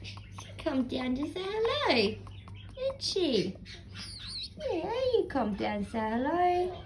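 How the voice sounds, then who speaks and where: A woman's voice: high voice, very animated, slow, background noise. A woman cooing to her pet parrots in sing-song baby talk for a casual vlog. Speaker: pet owner vlogger.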